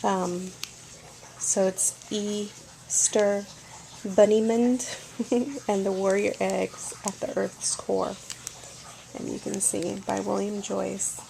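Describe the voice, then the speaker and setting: A woman's voice: mid-range voice, level tone, slow pace, creaky, long pauses, warm tone, a little hiss or hum, rough recording. A woman vlogging casually from her home kitchen as a homeschooling mother, chatty and meandering, explaining things as she goes.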